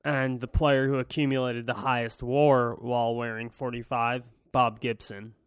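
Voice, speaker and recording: Male podcast co-host, deadpan and brief, smooth voice, dry close sound. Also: mid-range voice, normal speed, no room sound. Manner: dry, short deadpan replies. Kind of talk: casual sports chat.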